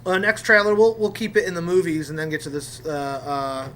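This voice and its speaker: A man with a slightly high voice talks in a casual chat about movies, animated and opinionated, dropping the odd swear. A faint noise sits under his voice. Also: a little fast. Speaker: podcast host.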